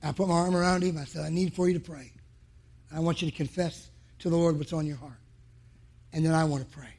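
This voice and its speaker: A man's voice: a little high, moderate pace, a little mellow, husky. A man preaching a sermon to men, telling a personal story in an emphatic way and acting out past conversations. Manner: emphatic, acts out his own past dialogue.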